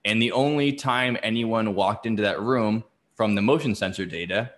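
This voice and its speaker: Casual, profane male podcast co-host, low voice. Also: normal speed, a bit bright. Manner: profane, storytelling, laughs often. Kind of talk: casual true-crime chat.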